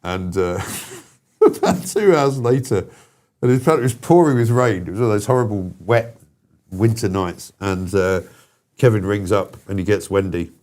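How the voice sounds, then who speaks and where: A man's voice: lowish voice, normal speed, darkish tone. A man hosting a talk show, telling an anecdote in a casual, chatty way and laughing at his own story. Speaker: host.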